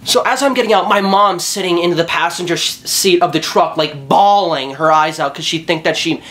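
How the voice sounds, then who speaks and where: Young male vlogger, casual story time, lively and foul-mouthed. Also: fairly high pitch, fairly quick. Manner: animated, profane, jokey storytelling.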